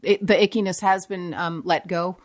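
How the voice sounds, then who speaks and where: A woman's voice: fairly low pitch, steady tone, normal speed. A woman who used to present morning TV, chatting casually as a podcast guest and poking fun at herself. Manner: chatty and self-mocking. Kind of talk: casual chat.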